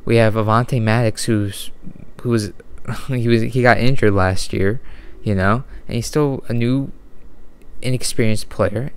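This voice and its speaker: Late at night at home, a sports vlogger rants without a script, frustrated and rambling, often halting to restart his sentences. His voice is smooth and medium in pitch.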